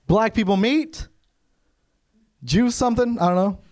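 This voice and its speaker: High-pitched and a little slow, a young man from Kentucky, USA, works a comedy club stage in front of a live crowd. He spins animated stories, taking on the voices of the other people in them.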